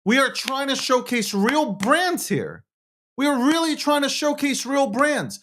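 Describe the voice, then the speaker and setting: A man's voice: extremely high pitch, lively intonation, a little slow, fairly bright tone. A man hosting and producing a live show, talking in a heated, repetitive way with heavy swearing.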